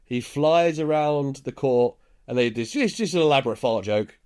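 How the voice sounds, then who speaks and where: Brief: male podcast co-host, relaxed plot-recap delivery with easy chuckles. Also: medium pitch, moderate pace, clear, resonant tone. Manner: laid-back storytelling, chuckles while recounting scenes. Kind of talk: casual film recap.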